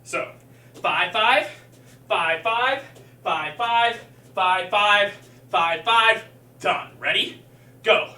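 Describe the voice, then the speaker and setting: A man with a bright, high, bouncy voice coaches a live-streamed martial arts workout, counting reps aloud and cheering students on while he does the drills himself. He sounds slightly out of breath. The room is echoey, the mic sits well away from him, and a faint hum runs underneath. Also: drawn-out words, pauses often, distant mic.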